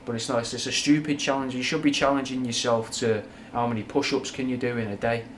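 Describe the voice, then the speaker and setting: Answering chat on a casual stream, this young Mancunian with a hint of Scouse talks fast in a steady, medium-pitched voice. He rambles openly, swears and uses slang, with a little hiss or hum in the audio.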